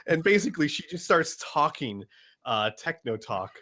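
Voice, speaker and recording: A man narrating a tabletop game as game master, unhurried and halting with fillers. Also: a little high, sing-song, bright, forceful tone.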